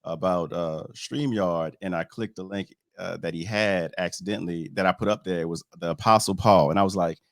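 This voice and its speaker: Man, podcast host, low voice, playful, hyped, dry close sound. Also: fairly even intonation, a little fast, hardly any pauses, no room sound. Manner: playful, hyped, jumps up loud and high. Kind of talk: casual interview chat.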